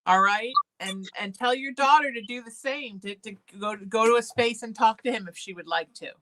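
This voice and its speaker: A fairly high-pitched woman at a moderate pace, with some background noise, hosts a call-in spiritual talk show as a psychic medium. Of Irish heritage, she comforts callers warmly and calls them sweetie.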